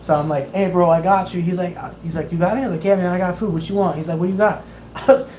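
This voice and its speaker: A man's voice: sits high, steady tone, rapid-fire, a little mellow, slight background noise, low-quality recording. A young man in his twenties, hosting a livestream and telling stories casually, laughing often and acting out the people he quotes. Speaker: livestream host, Navy sailor. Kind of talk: casual storytelling chat.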